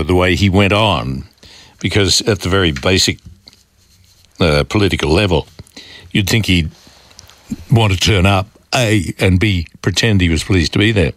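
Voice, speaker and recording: A middle-aged Australian man filling in as a talkback radio host, reading listener messages in a measured way, thinking aloud with frequent pauses and restarts. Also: low-pitched, fairly bright tone, no room sound, studio quality. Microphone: studio microphone.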